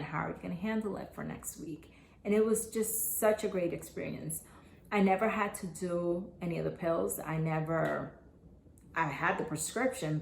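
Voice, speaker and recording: A woman in her thirties telling her own story to camera, earnest and halting, with many restarts. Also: low-pitched, gravelly, a little hiss or hum. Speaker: mother sharing her postpartum story. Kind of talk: personal testimonial to camera. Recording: echoey room.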